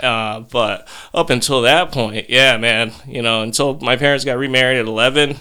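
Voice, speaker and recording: Male, 30s, profane animated storyteller, bright and crisp. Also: mid-range voice, moderate pace. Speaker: podcast guest. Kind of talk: casual storytelling.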